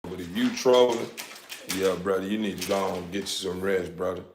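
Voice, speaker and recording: Homem falando devagar e repetindo muito, voz um pouco grave, sala com eco e leve ruído. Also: male voice, low voice, fairly even intonation, moderate pace, roomy sound, noisy background. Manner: rambling, repetitive, laughing, addressing viewers. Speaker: dog breeder livestreaming. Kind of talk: casual livestream chat.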